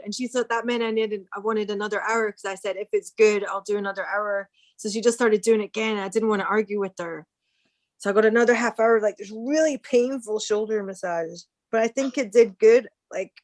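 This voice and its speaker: A woman's voice: on the high side, no echo. A woman hosting a casual chat, telling easygoing stories and acting out the lines of people in them. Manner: easygoing storyteller, acts out quoted lines. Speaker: podcast host.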